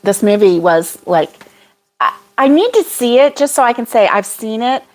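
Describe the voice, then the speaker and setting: A woman's voice: fairly high pitch, lively intonation, moderate pace. A woman hosting a casual livestream chat with viewers, rambling and laughing often. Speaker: crochet channel host.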